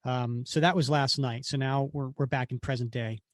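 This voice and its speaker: A man co-hosting a podcast, walking through a comic page by page in a casual, chatty way. His voice sits at a middle pitch and sounds close and dry. He slips into short bits of acting when he quotes the characters. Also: steady tone, normal speed, dry recording. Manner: retells panels acting out the characters' lines. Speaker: podcast co-host. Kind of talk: casual comic book recap.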